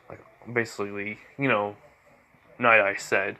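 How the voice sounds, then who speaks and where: Brief: teen boy, mid-pitched, rambling casual fan storytelling. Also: moderate pace, sharp tone. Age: teens. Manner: rambling, with fillers and restarts.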